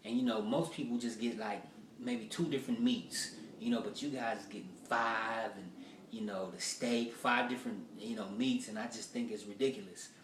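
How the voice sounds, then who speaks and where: A man's voice: fairly low pitch, normal speed, a little hiss or hum, lightly acted. A man voicing a strict male buffet manager who lectures his customers in a stern way. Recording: roomy echo, mic far off.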